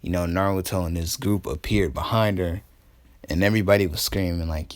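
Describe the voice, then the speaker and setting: A man's voice: low-pitched, fairly even intonation, fairly quick. A young man casually telling a fan-made story, laid-back and profane, trailing off with ums and laughing at his own jokes.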